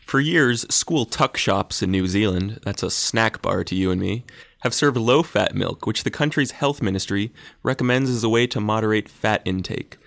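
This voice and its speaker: A man's voice: lowish voice, vocal fry, no echo. A man presenting a comic news segment, reading with a wry, dry delivery.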